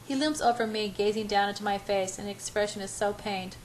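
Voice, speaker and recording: A woman's voice: mid-range voice, fairly even intonation, a little fast, hardly any pauses, slight background noise, rough recording. A woman reading a first-person romance novel aloud in a breathless, emotional way. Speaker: audiobook reader.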